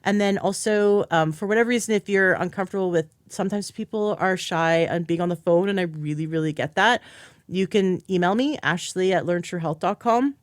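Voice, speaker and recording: A woman host who talks in an eager, chatty stream and sometimes acts out what others said. Her voice sits a little low. The sound is close and dry, with no room around it. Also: brisk, no echo. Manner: enthusiastic, chatty, acts out quoted speech. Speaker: podcast host and health coach. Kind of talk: casual interview chat.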